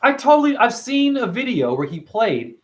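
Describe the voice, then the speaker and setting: A man's voice: extremely high pitch, sing-song, moderate pace. A man hosting a casual livestream, talking animatedly and profanely and answering viewers by name. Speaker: livestream host reading chat.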